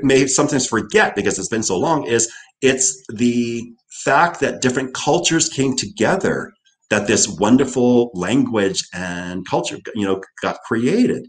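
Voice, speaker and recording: A man's voice: medium pitch, lively intonation, unhurried. An older man from Hawaii with a Hawaiian Pidgin accent, a guest telling stories in a casual interview, often repeating "right".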